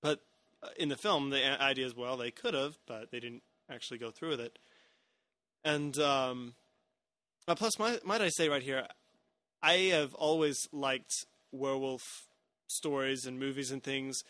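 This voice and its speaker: A man's voice: mid-range voice, normal speed, pushed and bright, no echo. A man co-hosting a podcast, talking casually about a film, hesitant with many fillers and restarts. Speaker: podcast co-host.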